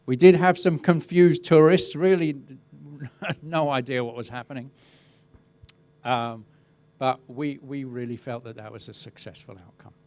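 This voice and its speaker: A middle-aged man, a crowd safety specialist, giving a webinar talk with relaxed, wry storytelling. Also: mid-range voice, a little slow. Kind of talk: webinar presentation, telling an anecdote.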